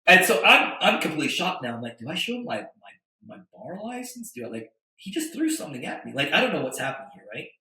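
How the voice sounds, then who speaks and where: A middle-aged man tells a story as a podcast guest and acts out the voices of the people in it. His voice is bright and forceful. The room echoes around him. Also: a little high, fast, few pauses. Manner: animated storyteller, acts out quotes. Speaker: guest, attorney and entrepreneur.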